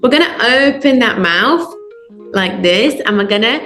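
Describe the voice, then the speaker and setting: A woman's voice: fairly high pitch, animated, normal speed, fairly bright tone, reverberant, soft background music. A woman voice coach leading a guided breathing lesson over a video call. She gives encouraging step-by-step instructions and counts out each breath. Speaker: voice and public speaking coach.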